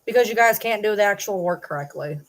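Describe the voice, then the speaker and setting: Talking fast at a medium pitch, a middle-aged woman hosts her own vlog and rants casually at her audience in an indignant, sarcastic, challenging manner.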